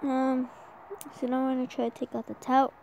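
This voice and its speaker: High-pitched woman gamer, sore throat, getting a cold, cheering her game on out loud. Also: fairly quick, creaky, slight background noise. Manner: excitable, urging the game on aloud. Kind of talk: live gameplay commentary.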